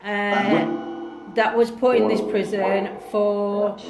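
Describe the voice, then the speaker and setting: Slow-talking woman calling out to spirits. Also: mid-range voice, level tone, gravelly. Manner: calls out to spirits, reads out viewer comments. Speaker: paranormal investigator. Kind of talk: live-streamed ghost hunt. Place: echoey old jail building. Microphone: phone livestream. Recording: echoey room, faint music.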